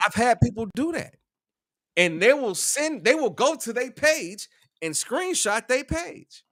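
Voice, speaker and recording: A man in loose, profane conversation, his voice bright and ringing with a lot of lift and fall. The sound is dry and close, with no room around it. He talks in a lively way and circles back over his own words. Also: extremely high pitch, unhurried, no echo. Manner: animated, profane, repeats himself a lot. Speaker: co-host. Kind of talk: casual podcast chat.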